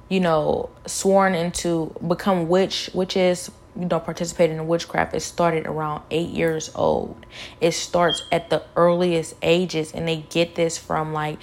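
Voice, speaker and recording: Young woman, low-ish voice, fervent testimony, repetitive, filler-heavy. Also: darkish tone. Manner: fervent, repeats phrases, many "like" fillers. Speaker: vlogger sharing a personal testimony. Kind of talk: emotional personal storytelling.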